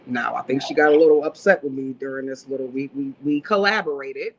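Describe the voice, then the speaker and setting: A woman's voice: extremely low pitch, fairly quick, highs cut off. A woman on a livestream talk show, giving blunt, profane advice in a preachy way.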